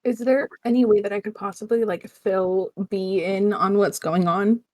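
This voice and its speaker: A woman talking casually as a player in a tabletop game, quick and a little hesitant. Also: mid-range voice, steady tone, darkish tone, no room sound.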